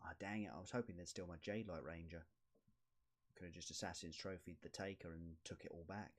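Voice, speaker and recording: A man streaming a card game, muttering commentary to himself with sudden excited outbursts. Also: deep voice, fairly quick. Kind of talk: casual gameplay commentary.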